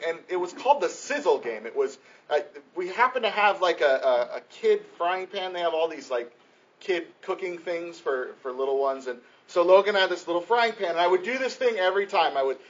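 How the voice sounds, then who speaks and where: A man preaching a sermon, a pastor who tells family stories with lively emphasis, restarting his sentences and slowing down to stress his points. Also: high-pitched, lo-fi sound. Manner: animated storytelling, many restarts, slows for emphasis.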